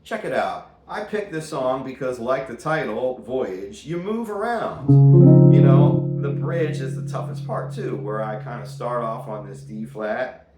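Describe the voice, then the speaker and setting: Playful Philly guitar teacher, roomy. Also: male voice, medium pitch, sing-song, measured pace. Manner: playful, punny, chatty asides between examples. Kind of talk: casual guitar lesson. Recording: roomy sound with loud guitar playing.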